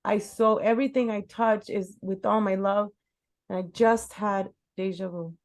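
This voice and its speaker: A woman's voice: mid-range voice, fairly even intonation, normal speed, a little mellow. A middle-aged woman hosting a casual chat interview, talking emphatically and repeating words for stress. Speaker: host.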